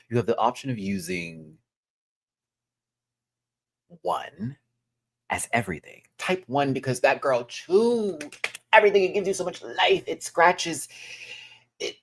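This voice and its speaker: A man hosting a live reaction review, talking in an animated way and repeating words for emphasis. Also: mid-range voice, gravelly. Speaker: host.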